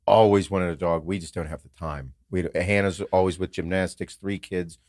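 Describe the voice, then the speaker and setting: A man's voice: low voice, normal speed, dry recording, clean studio sound. A man hosting a podcast, telling family stories in casual chat, swearing often and acting out what others said. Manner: animated storytelling, swears a lot, acts out quotes. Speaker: podcast host.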